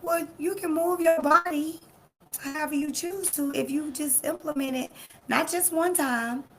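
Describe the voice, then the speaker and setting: A woman's voice: sits high, fairly even intonation, a little slow, a bit bright, a little hiss or hum. A woman life coach hosting a live-streamed motivational talk. She speaks emphatically, repeats key phrases, and talks straight to her audience. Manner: laughs easily, chats with people in the room. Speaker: life coach and show host.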